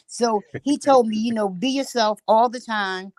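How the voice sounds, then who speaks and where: A woman's voice: a little high, moderate pace, a little mellow, slight background noise. An older woman, speaking plainly and earthily as a guest on a video call, laughing easily. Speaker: activist guest. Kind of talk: casual call remarks.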